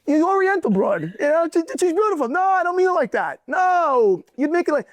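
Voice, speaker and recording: A man putting on a high, brash old grandfather. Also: sing-song, brisk, no room sound. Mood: blunt. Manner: brash, repetitive, unfiltered. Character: blunt old-school grandfather, man, older.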